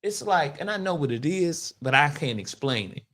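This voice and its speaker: Bright, lively man on a casual podcast. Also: moderate pace. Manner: animated storytelling, rising high when worked up, laughs often. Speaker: podcast co-host. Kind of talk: casual chat.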